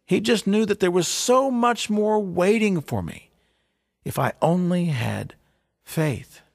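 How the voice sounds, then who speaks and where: An earnest fisherman disciple, performed by a man, recalls his teacher with halting, stammering wonder. The voice is gravelly and husky, sitting a little high for a man. It sounds dry and close. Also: darkish tone, dry recording. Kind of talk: dramatic first-person storytelling.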